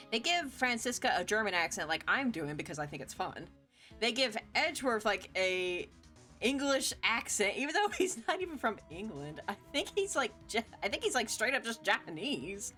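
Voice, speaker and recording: Chatty, animated woman streamer. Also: medium pitch. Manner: chatty, giggly, lots of fillers. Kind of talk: casual chat while playing a game.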